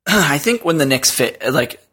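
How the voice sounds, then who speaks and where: A man's voice: on the high side, expressive, a little slow, bright, forceful tone, breathy edge. A man in his thirties, a podcast guest, talking in a loose, rambling way with lots of fillers. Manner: rambling, fillers, chuckles at his own stories. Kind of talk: casual chat.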